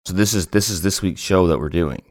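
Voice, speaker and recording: A man's voice: low voice, brisk, a little mellow, dry recording, clean studio sound. A man co-hosting a podcast in casual, joking banter, his voice groggy and worn from early morning. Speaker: podcast co-host.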